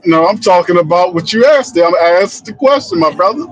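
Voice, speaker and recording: A man hosts a casual sports roundtable and argues his case emphatically. His voice sits high for a man. He repeats himself insistently. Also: expressive, brisk, few pauses, no echo, poor audio. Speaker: podcast host.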